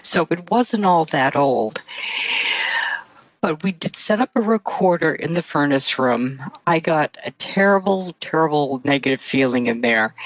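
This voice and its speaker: A woman author recounting a paranormal investigation in an interview, halting, with frequent fillers and restarts. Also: low-pitched, dry recording, muffled recording.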